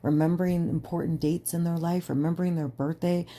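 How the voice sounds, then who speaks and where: A woman's voice: lowish voice, fairly even intonation, a little fast, warm tone. A young adult woman hosting a podcast, talking in an earnest, emphatic monologue full of "like" fillers. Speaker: podcast host. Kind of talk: casual personal monologue.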